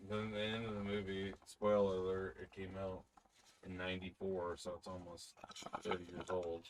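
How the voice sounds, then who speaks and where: A man's voice: sits low, normal speed, noisy background. A man on a casual podcast, joking wryly with his friends. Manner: wry, lively, joking. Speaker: podcast co-host. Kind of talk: casual chat.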